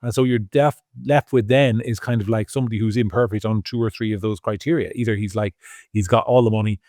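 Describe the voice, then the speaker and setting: A man's voice: lowish voice, steady tone, quick pace, darkish tone, no echo, studio quality. A man with an Irish accent co-hosting a podcast, hesitant and defensive with stammering restarts. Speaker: podcast co-host. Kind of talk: casual podcast chat.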